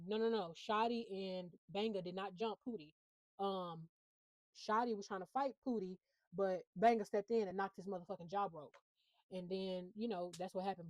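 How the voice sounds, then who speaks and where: A woman's voice: medium pitch, a little mellow, no echo, poor audio. A young woman recapping a reality show in casual chat, blunt and profane with lots of fillers.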